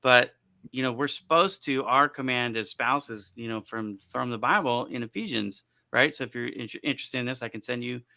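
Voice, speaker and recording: A man leads a relaxed panel talk with a very bright, ringing voice. He jokes easily and acts out little quoted exchanges as he goes. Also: mid-range voice, normal speed, vocal fry. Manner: joking, animated storytelling with quoted voices. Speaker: panel host. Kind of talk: casual panel discussion.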